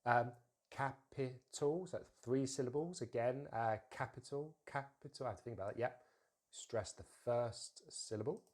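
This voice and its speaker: A man teaches English pronunciation at an even middle pitch. He talks the learner through each example and says the model words slowly and deliberately, then repeats them. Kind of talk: pronunciation lesson.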